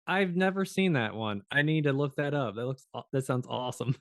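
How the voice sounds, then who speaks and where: A mid-pitched man co-hosts a podcast in a casual chat. He tells stories with energy, acts out the lines he quotes and laughs often. The recording is dry and close-miked. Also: fairly quick, no echo. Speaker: podcast co-host.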